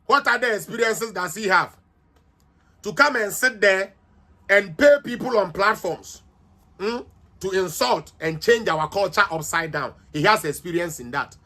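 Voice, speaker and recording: A man's voice: sits high, expressive, unhurried, bright, forceful tone. A Ghanaian-accented man hosting a livestreamed political commentary, combative and mocking as he switches between languages.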